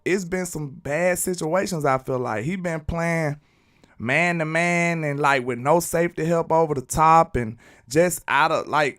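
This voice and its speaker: A sports channel host from Alabama runs a casual live stream, reading viewers' chat comments aloud and responding to them. His voice is a little high, with a fairly bright, clear, resonant tone.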